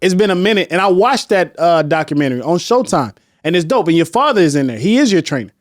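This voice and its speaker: A man hosting a casual podcast, excitable, laughing often and hyping up his guests. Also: high voice, quick pace, dry recording, studio quality. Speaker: podcast host.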